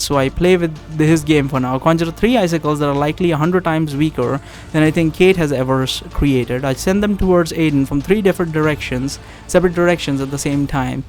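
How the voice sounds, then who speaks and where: A man's voice: on the high side, quick pace, hardly any pauses, darkish tone, soft background music. A man reading a text adventure game aloud in first person, with asides, laughs and restarts.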